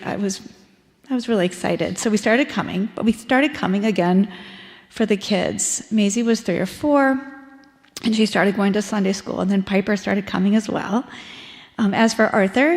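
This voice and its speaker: A woman in her forties from Ohio, USA, speaks at normal speed in a medium-pitched voice, giving a personal testimony during a church service. Her tone is conversational and reflective, with frequent ums. The recording was made in a church sanctuary, an echoey hall with long reverb.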